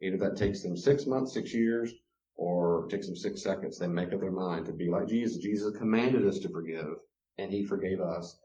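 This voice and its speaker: A man's voice: deep voice, moderate pace, dark tone. A man teaching about relationships, acting out quoted voices and chuckling often. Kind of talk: teaching talk with acted-out examples. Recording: roomy, dull lo-fi recording.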